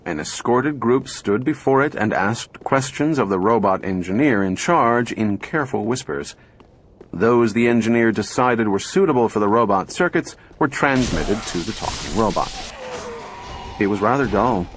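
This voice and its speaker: A man narrating an audiobook in a calm, measured storytelling manner. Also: mid-range voice, slight background noise. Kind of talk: scripted narration.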